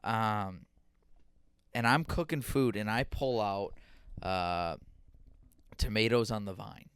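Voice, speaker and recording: Podcast host: young man, smooth clear voice, dry close studio sound, lively storyteller. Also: on the low side, takes it slowly, no echo. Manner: animated storytelling, acting out quotes. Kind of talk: casual podcast chat.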